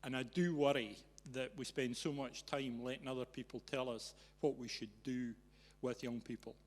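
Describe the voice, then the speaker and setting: A man's voice: mid-range voice, moderate pace. Teasing man in a reverberant hall. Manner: teasing, animated storyteller. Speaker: event host. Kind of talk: storytelling to a live audience. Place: event venue with an audience.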